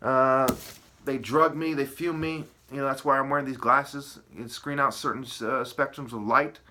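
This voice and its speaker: Agitated, ranting man with a bright voice. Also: medium pitch, fairly even intonation, moderate pace. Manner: agitated, profane, jumps between wordplay and accusations; keeps asking "okay?" and "right?". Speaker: video commentator. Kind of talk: ranting monologue to camera.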